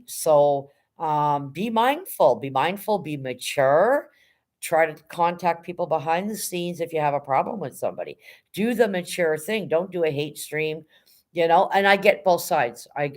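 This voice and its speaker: A middle-aged woman chatting casually on a livestream, greeting her chat and speaking bluntly. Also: low voice. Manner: blunt, no-nonsense. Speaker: live streamer greeting chat.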